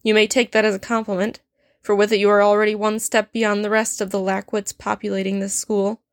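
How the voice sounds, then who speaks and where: A woman's voice: medium pitch, flat delivery, a little fast, no room sound, studio quality, lightly acted. A woman reading a story aloud, voicing a stern, sardonic male potions professor who speaks in a cold, clipped and cutting way. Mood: cold, scornful.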